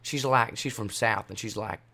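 A man's voice: fairly low pitch, moderate pace, creaky, bright, forceful tone. A young man hosting a podcast, telling rambling stories in a casual way, swearing freely and teasing his co-hosts. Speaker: podcast host.

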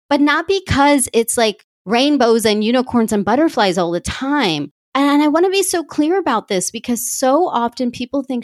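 A woman's voice: on the high side, moderate pace, hardly any pauses, no echo, studio quality. A woman hosting a podcast, talking candidly and animatedly about her own feelings in a reflective monologue. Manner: candid, animated, self-revealing. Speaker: podcast host.

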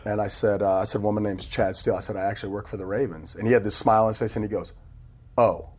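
A man telling stories in a casual podcast chat, animated and laughing often, acting out what people said. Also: on the low side, fast talker, husky. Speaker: team PR executive telling stories. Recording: phone interview audio.

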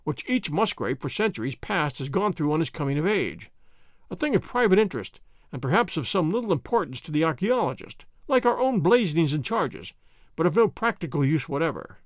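A man narrating a classic detective story in the first person, with lively, expressive delivery. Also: a little high, a little fast, no echo, clean studio sound.

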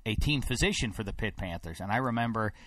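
A man from Pittsburgh hosting a sports talk show in a studio, rambling and getting more animated and emphatic as he goes. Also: lowish voice, fast talker, dry recording. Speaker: sports radio host. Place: broadcast studio.

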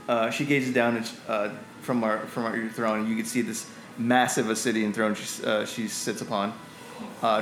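A man running a tabletop game as game master, narrating in a halting way with many fillers. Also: lowish voice, vocal fry, fairly bright tone, reverberant, a little hiss or hum, poor audio.

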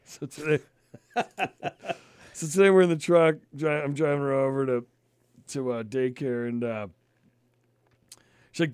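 A man's voice: medium pitch, normal speed, pauses often, a little mellow, dry recording. A man in his thirties co-hosting a podcast, telling stories in a casual, profane, chatty way. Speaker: podcast co-host. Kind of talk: casual chat.

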